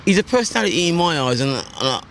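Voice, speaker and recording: A man's voice: fairly high pitch, big pitch swings, racing, creaky, fairly bright tone, a little hiss or hum. A man from the public in a street interview, earnestly defending his view. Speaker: member of the public.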